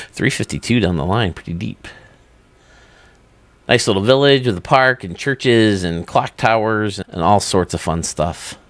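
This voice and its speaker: A man's voice: lowish voice, unhurried, pauses often, dry recording. A man hosting his own channel, chatting casually and enthusiastically while touring video game stadiums, often laughing at himself. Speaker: YouTube host.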